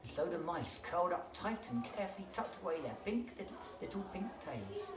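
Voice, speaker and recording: A school reader telling a bedtime picture-book story with expressive, animated delivery. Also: mid-range voice, brisk. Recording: echoey room, distant mic, background noise.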